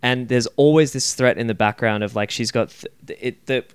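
A man with a smooth, clean voice chats and rambles, swearing freely as he recaps films. The sound is dry and close, with no room around him. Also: medium pitch, normal speed, no room sound. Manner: rambling, profane, animated storytelling. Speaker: podcast host. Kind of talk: casual chat.

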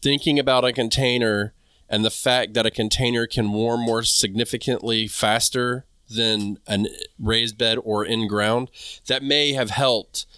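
A man's voice: mid-range voice, steady tone, a little slow, sharp tone, clean tone, no room sound. A man co-hosting a casual gardening talk, chatty and candid, often stopping to rephrase himself. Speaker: podcast co-host.

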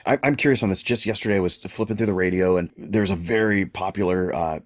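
A very low-voiced man speaks casually and thoughtfully in a dead, dry close-up sound. He mostly listens and agrees, then musingly shares an everyday story. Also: fast talker, no room sound. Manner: attentive listener with frequent murmured agreement. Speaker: podcast co-host. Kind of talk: casual chat.

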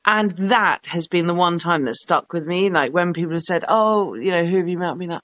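A woman's voice: fairly low pitch, brisk, hardly any pauses, a bit bright, no room sound. A woman in her forties, a podcast guest telling rambling, sweary stories with lots of fillers. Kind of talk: casual chat, telling anecdotes.

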